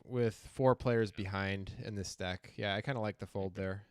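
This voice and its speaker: A man calling poker hands on a live stream with a dry, wry sense of humor. He talks in a relaxed, conversational way between his reads of the action. The recording is dry and close, with no room sound. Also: lowish voice, normal speed, clean tone, dry recording. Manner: dry, wry humor mixed with hand analysis. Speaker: poker commentator. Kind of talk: casual live-stream commentary.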